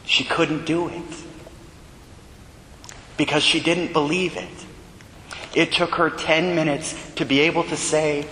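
A man's voice: a little slow, pauses often. A man, a Catholic priest, preaching a sermon with earnest storytelling. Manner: earnest storytelling preacher, rising animated when retelling dialogue. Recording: echoey church hall with long reverb and faint rumble.

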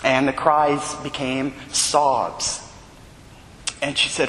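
A man's voice: takes it slowly, pauses often. A man, a Catholic priest, preaching a sermon with earnest storytelling. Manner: earnest storytelling preacher, rising animated when retelling dialogue. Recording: echoey church hall with long reverb and faint rumble.

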